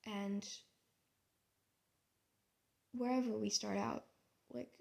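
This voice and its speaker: A woman's voice: mid-range voice, steady tone, drawn-out words, creaky. A young American woman, an artist, musing aloud in a casual, rambling monologue full of fillers and restarts. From United States. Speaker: artist and vlogger.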